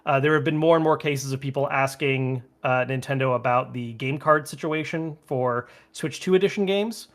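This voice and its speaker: A man's voice: medium pitch, normal speed, few pauses. A man co-hosting a video game podcast, chatting casually and rambling with lots of filler words. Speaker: podcast co-host. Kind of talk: casual chat.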